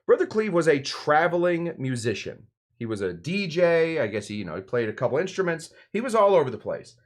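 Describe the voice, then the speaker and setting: Mixing drinks on his cocktail show, this bartender rambles casually, full of filler words and asides. He speaks briskly in a slightly high voice with big swings in pitch.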